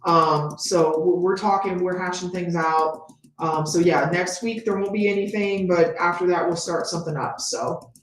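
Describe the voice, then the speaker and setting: A woman co-hosting a painting livestream, talking casually and relaxedly, reading viewer comments and often pausing with ums. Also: lowish voice, fairly even intonation. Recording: echoey room with faint noise.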